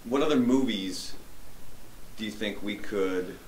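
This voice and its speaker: A man's voice: fairly low pitch, measured pace, a little hiss or hum. Joking male radio host, roomy studio. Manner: animated, joking, trailing restarts. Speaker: radio show host and voice performer. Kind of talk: casual chat.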